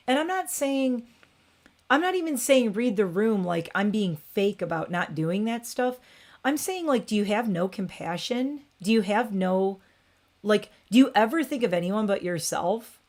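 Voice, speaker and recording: A woman's voice: medium pitch, a little mellow. A woman hosting a casual livestream, rambling and opinionated, with frequent "like" and restarts. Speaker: beauty channel host.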